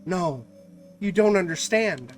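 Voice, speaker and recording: A man's voice: high-pitched, expressive, takes it slowly. A man voicing a frightened young nurse in an anxious, pleading way, with music playing behind.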